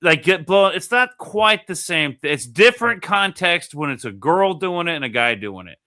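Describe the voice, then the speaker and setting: A man co-hosting a casual comic-book discussion, talking in an animated, profane way. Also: a little high, moderate pace, dry recording, clean studio sound. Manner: animated, profane, acts out voices in bursts. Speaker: podcast co-host.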